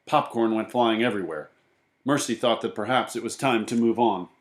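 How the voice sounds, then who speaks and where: A man reading a children's book aloud in an expressive way, putting on voices for the characters. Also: fairly low pitch, normal speed, roomy sound. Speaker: storybook reader.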